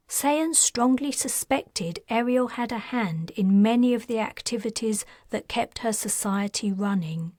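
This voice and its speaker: A woman narrating her own science fiction audiobook in a measured, even way on a close studio mic. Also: medium pitch, no room sound.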